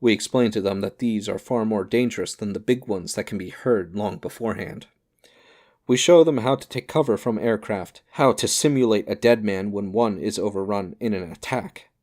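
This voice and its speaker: A man narrating an audiobook in a measured, grave reading with clipped phrases. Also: lowish voice, darkish tone. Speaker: audiobook reader.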